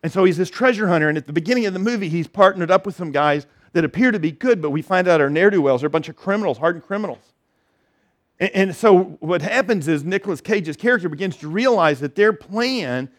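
A man preaching an Easter sermon in a conversational way, with frequent restarts and emphatic repeated phrases. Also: high voice. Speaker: pastor.

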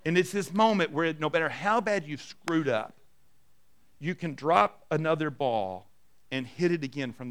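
Middle-aged guy preaching, tells stories, goes soft and low on the quotes, voice a bit high. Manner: storytelling, drops soft and low for quoted lines. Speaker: pastor. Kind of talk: sermon.

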